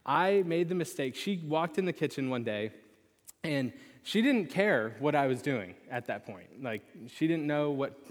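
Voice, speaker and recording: A young man preaching a sermon, telling a lively personal story with animated pitch swings before turning to scripture. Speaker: pastor. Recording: long reverb of a large hall.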